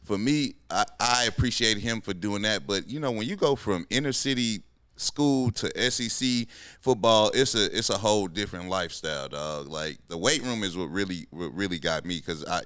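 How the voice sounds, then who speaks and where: A man's voice: lowish voice, moderate pace, fairly bright tone, smooth, no room sound. A man in his thirties, a podcast host and former pro football player, talking in a laid-back, slangy, casual way.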